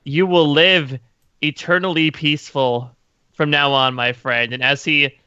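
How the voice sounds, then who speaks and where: A man playing a tabletop game, narrating his character's actions with dramatic, halting speeches. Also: a little high, fairly even intonation, sharp tone, clean tone, no room sound. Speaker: player. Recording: dull lo-fi, dry.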